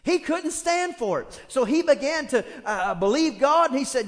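Animated high-voiced male preacher. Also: normal speed, few pauses. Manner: animated storytelling with acted quotes. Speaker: pastor. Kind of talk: sermon. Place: church. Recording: long hall reverb.

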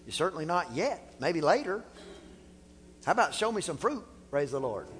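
A male pastor preaching a sermon in a church, animated and playful, acting out little dialogues as he talks. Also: fairly high pitch, moderate pace, in a large hall, faint music behind. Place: church sanctuary.

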